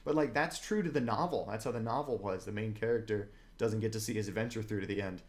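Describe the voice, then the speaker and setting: A man co-hosting a podcast in casual chat, an animated storyteller who acts out the scenes he retells. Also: on the low side, fast. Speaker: podcast co-host.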